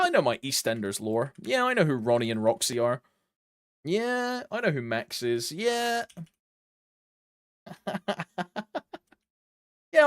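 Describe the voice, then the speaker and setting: A man's voice: fairly high pitch, a bit bright, clear, resonant tone, no echo, clean studio sound. A British man with a British accent, chatting casually while streaming a game, laid-back. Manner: laid-back, lots of laughing asides.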